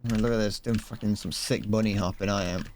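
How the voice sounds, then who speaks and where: A man's voice: on the low side, fairly even intonation, fast talker, a little mellow, a little hiss or hum. A young man from Britain chatting casually while he streams a game, rambling and playful, humming to himself between remarks. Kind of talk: casual gaming stream chat.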